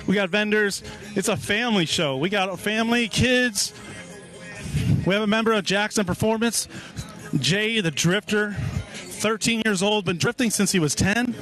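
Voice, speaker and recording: A man's voice: high-pitched, normal speed, fairly bright tone, faint music behind. A man hosting a walking live stream at an outdoor car show, upbeat and hyping the crowd, a little out of breath.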